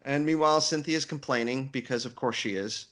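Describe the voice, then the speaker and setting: A man's voice: medium pitch, fairly quick. A man co-hosting a podcast in casual chat, joking and laughing often as he talks through the story. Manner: laughs often, lively and jokey. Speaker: podcast co-host.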